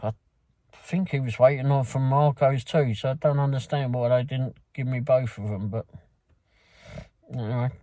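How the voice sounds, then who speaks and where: A man's voice: medium pitch, steady tone, normal speed, pauses often, dark tone, no echo. Rambling London man recapping his night. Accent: London English. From London, England. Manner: rambling, loose storytelling with many fillers and restarts. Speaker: food delivery driver. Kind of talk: casual recap of a work night.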